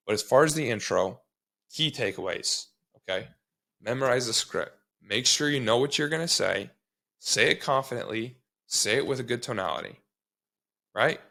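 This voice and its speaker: A man's voice: mid-range voice, creaky, fairly bright tone. A man giving a casual sales training talk, blunt and swearing, often checking in with "okay?".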